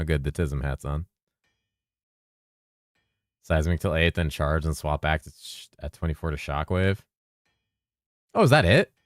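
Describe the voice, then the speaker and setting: Low-voiced rambling streamer man. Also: no echo, studio quality. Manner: loose and rambling, swears freely, mumbles at times. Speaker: game streamer. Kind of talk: casual live-stream chat.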